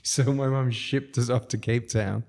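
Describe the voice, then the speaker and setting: A man's voice: mid-range voice, fairly even intonation, a little slow, darkish tone. A man from South Africa, a podcast guest, telling long rambling stories in a casual way and laughing between sentences. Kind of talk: casual storytelling.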